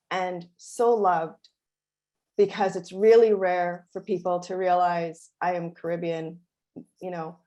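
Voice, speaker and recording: A female author moderating a panel, opening with an expressive, heartfelt personal story. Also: medium pitch.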